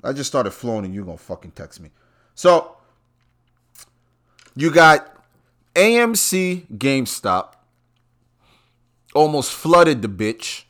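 A man hosts his own podcast in a loose, swearing rant. His pitch swings widely as he talks, and he jumps from mutters to sudden loud, high bursts. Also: very animated, slow, long pauses. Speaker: podcast host. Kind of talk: casual ranting monologue.

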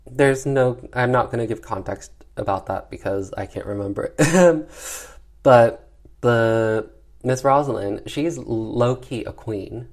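A man's voice: on the low side, steady tone, darkish tone. A man giving a casual, sassy recap of a horror film, chatty and peppered with filler words. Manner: acts out characters' lines in quick voices. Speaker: film reviewer.

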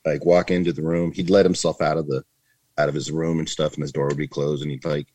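A man's voice: very deep voice, flat delivery, fast, mellow, no room sound. A middle-aged man, a retired border patrol agent, talking in a casual interview in an earnest, rambling way with many restarts.

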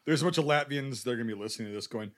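A man's voice: mid-range voice, rapid-fire, a bit bright. A man from the United States co-hosting a podcast, talking bluntly and profanely in a rambling casual chat about a film. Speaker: podcast co-host.

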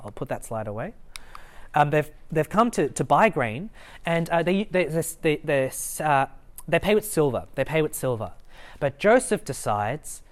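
Young adult, casual Bible talk, conversational, lots of fillers and restarts, medium pitch. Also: big pitch swings, moderate pace. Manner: conversational, with many fillers and restarts and light chuckles. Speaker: student ministry Bible teacher. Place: lecture room at a student meeting.

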